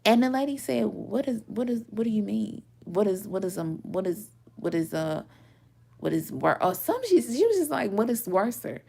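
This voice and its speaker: Animated, swearing young woman telling stories. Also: mid-range voice, normal speed, gravelly. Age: 20s. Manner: animated, swearing, laughing often, acts out quotes. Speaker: tarot reader. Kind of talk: casual storytelling chat.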